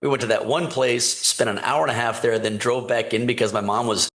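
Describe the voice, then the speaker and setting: Man telling lively stories as guest. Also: mid-range voice, fairly quick. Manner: animated anecdote-telling, acting out quoted dialogue. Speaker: wine importer and company founder, podcast guest. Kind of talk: casual storytelling interview.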